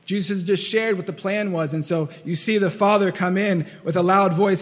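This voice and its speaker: Male pastor, high-pitched, earnest sermon delivery with long hall reverb. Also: fairly even intonation, normal speed, few pauses. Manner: earnest, repetitive, acts out quoted voices.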